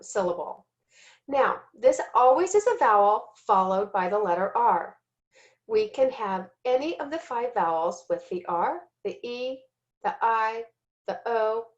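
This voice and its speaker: Woman slowly sounding out syllables. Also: on the high side, lo-fi sound. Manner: slow, deliberate, sounds out letters and syllables; self-corrects with "excuse me". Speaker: teacher trainer. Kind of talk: recorded instructional lesson.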